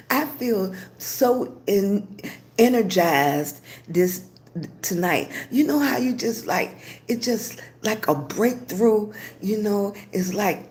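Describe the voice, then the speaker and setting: A woman's voice: a little high, lively intonation, takes it slowly, darkish tone. An older woman from Virginia hosting a casual livestream, greeting viewers by name and giving motivational talk. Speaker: livestream host.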